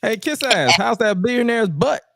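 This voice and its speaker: Jeering male wrestler bully, high and sing-song, as a man puts him on, dry sound. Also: lively intonation, moderate pace, creaky, a bit bright, no room sound, exaggerated voice. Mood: taunting.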